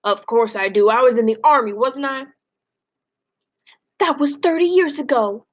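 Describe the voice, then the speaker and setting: A woman voicing a shrill, tearful grandmother. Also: brisk, close to an everyday voice. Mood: tearful, shouting. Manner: high, loud and pleading. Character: distraught, tearful elderly grandmother, shouting.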